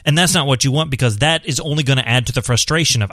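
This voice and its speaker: A man's voice: mid-range voice, fast, pushed and bright, no echo, studio quality. A blind man, a parent, talking casually to visually impaired viewers, earnest and encouraging, often repeating a point for emphasis. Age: adult, parent of a son. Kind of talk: casual advice monologue.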